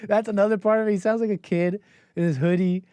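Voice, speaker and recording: A man's voice: sits high, steady tone, fast, dark tone, a little hiss or hum. A man hosting a call-in livestream, chatting casually and rambling with laughs. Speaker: call-in show host.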